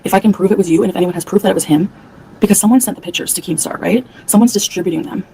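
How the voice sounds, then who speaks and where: A woman's voice: medium pitch, racing, creaky, mellow, slight background noise, low-quality recording. A woman from Canada ranting angrily on a livestream, profane and heated, answering her chat. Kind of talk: angry livestream rant.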